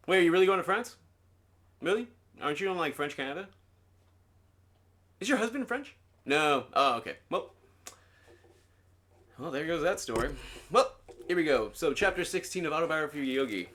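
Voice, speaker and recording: A man's voice: fairly high pitch, sing-song, a little fast, pauses often, fairly bright tone. A man streaming from home, chatting casually with viewers and his dog, laughing often, and reading a book aloud. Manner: chatty and giggly, talks to chat and his dog.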